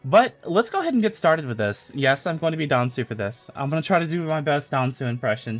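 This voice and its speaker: A man's voice: a little high, sing-song, fast talker, few pauses, faint music behind. Joking, foul-mouthed male streamer. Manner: loose, joking, swears freely. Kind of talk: casual stream chat and fan-fiction reading. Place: home streaming setup.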